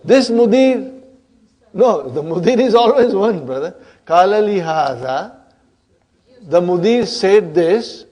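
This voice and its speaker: A man's voice: high-pitched, lively intonation, unhurried, dark tone. A man teaching an Arabic grammar class, often checking in with "huh?" and "brothers and sisters".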